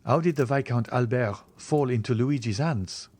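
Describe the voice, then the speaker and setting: A man voicing a cool, commanding aristocratic nobleman in an audiobook reading, speaking in a calm, measured, authoritative way. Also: medium pitch, slightly rough, no echo, natural voice. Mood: composed.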